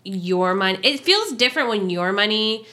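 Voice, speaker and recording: A woman's voice: mid-range voice, lively intonation, normal speed, pushed and bright. A young woman in casual conversation, supportive, reacting and musing aloud. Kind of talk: casual chat.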